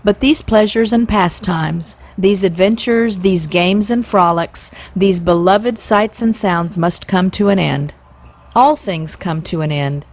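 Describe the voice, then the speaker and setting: A woman's voice: fairly low pitch, takes it slowly, a little mellow. A woman in her sixties voicing a stately, pompous father swan who speaks in long, formal, flowery sentences in a storybook reading. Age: 60s.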